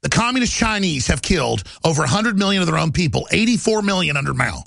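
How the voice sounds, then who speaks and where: Gravelly, high-pitched ranting man. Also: big pitch swings, a bit bright, no echo, clean studio sound. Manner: agitated, ranting, fast and emphatic. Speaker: radio and TV talk show host. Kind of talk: political talk show monologue.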